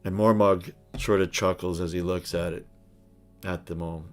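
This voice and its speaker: A man acting as game master who describes the scene in an unhurried way, with some hesitations. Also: low-pitched, fairly even intonation, soft background music. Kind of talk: narrating a tabletop game.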